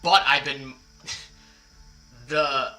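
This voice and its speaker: Guy rambling on his livestream, slow and apologetic, super bright voice, music going quietly behind. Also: medium pitch, fairly even intonation, low-quality recording. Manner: rambling, apologetic, self-deprecating. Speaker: livestream host. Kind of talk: casual livestream chat. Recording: background music under the voice. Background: quiet background music.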